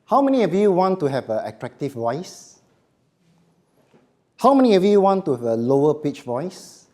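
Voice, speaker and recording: A man giving a voice workshop to a live audience, speaking slowly and emphatically and letting his phrases drop quietly at the end. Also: a little high, sing-song. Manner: slow, emphatic, dropping to quiet endings. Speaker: voice coach.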